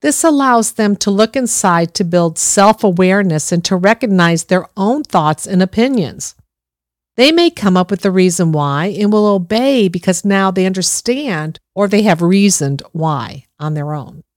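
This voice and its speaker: A middle-aged woman gives a parenting talk in an earnest, reassuring tone. She often speaks straight to the listener. Her voice sits at an ordinary pitch, recorded close and dry with no room sound. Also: expressive, normal speed, dry recording.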